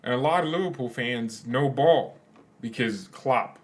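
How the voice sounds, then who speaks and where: A young male channel host with a medium-pitched voice talks a little slowly in a casual live chat, rambling and joking and drifting off into silly asides to his viewers.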